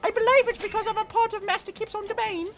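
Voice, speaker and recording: A man voicing a timid, polite little floating orb creature in an attempted British accent, fussy and quick. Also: steady tone, fairly bright tone, slight background noise. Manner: squeaky, fast, fussy and polite.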